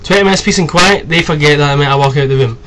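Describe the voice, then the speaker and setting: Brief: young man in his twenties, higher pitch, casual swearing tutorial host, faint background hiss. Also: racing. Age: 20s. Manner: chatty, rambling, swears freely. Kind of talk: casual screen-recorded tutorial.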